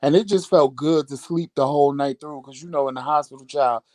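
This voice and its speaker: A man hosting a casual vlog, telling animated, sassy stories and jumping into high voices when he quotes people. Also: brisk, dry recording. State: recovering at home after hospital stay. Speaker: vlog host. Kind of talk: casual storytelling chat.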